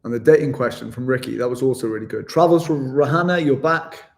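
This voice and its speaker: A man's voice: mid-range voice, quick pace, vocal fry. A man, chatting casually as he answers viewer questions in a vlog, self-deprecating and calling people "mate". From West Yorkshire, England. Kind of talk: casual live Q&A.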